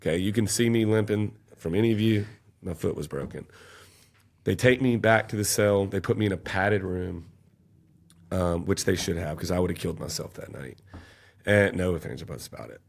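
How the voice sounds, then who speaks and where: A man's voice: deep voice, normal speed, creaky. A man, telling an intense, emotional personal story as a podcast guest. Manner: intense, emotional storytelling, raising his voice at peaks.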